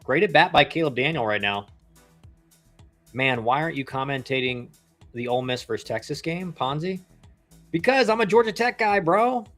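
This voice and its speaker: Male streamer in his thirties, ex-player, rambling casual game commentary, a touch high-pitched, faint music behind. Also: animated, moderate pace, pauses often, a bit bright. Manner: chatty and rambling, slangy with lots of "like" and "bro". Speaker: livestream baseball commentator, former pro player.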